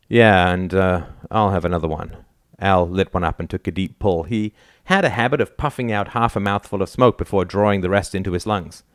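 A man with a fairly low voice reads a novel aloud. He narrates plainly and lifts his pitch for the characters' lines. The recording is dry and close, with no room sound. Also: steady tone, moderate pace, no room sound. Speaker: audiobook narrator.

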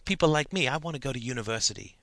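A man voicing an awkward, probing teenage schoolboy in a storybook reading, halting and stammering. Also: mid-range voice, animated, fairly bright tone, no room sound, clean studio sound, voice pushed up.

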